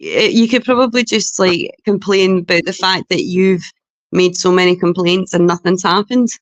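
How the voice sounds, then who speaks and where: A woman's voice: on the low side, normal speed, no echo. A Scottish woman on a livestream panel, talking bluntly and swearing heavily. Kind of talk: heated livestream chat.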